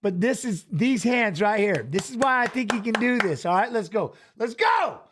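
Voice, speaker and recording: Excitable man with a high, lively voice. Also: normal speed, noisy background. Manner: excitable, joking, laughs often. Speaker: watch-along co-host. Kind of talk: casual live-stream chat.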